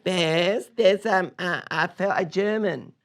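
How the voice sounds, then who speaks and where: A man putting on the voice of an excited older woman calling out with news, high and laughing. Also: takes it slowly.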